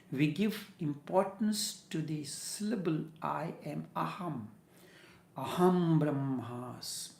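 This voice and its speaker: A man delivers a meditative spiritual discourse at a very unhurried pace. His measured phrases often fall to a soft whisper on key words. The voice carries a roomy echo. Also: on the high side, creaky. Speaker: spiritual teacher. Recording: echoey room.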